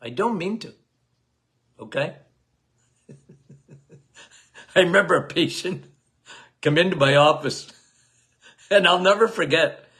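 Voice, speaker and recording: Loud, emphatic man, bright voice. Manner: loud, emphatic, cannot lower his volume; repeats key phrases, addresses listeners as guys. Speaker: health podcast host. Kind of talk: casual health talk to listeners.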